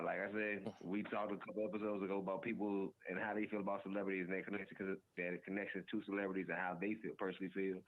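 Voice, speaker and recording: A male podcast co-host with a very deep voice who talks in a quick, steady run. He is plainspoken and opinionated. The sound is tinny and thin, like a phone line. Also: a little hiss or hum. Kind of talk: casual podcast discussion.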